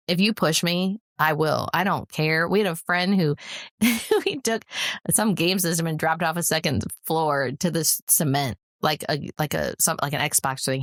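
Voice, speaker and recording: A woman's voice: sits low, fairly bright tone, no echo, studio quality. A middle-aged woman co-hosting a podcast, telling parenting stories bluntly and laughing often in casual chat. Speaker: podcast co-host.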